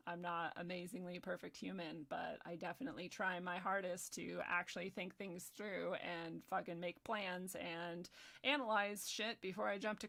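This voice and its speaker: A woman's voice: on the low side, vocal fry, sharp tone. A woman hosting a livestream, ranting in a heated, profane and sarcastic way, reading the chat now and then. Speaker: livestream host.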